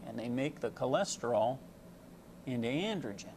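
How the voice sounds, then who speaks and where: A man's voice: medium pitch, normal speed, a little hiss or hum. A man giving a casual medical lecture, folksy and full of fillers, explaining with homely analogies.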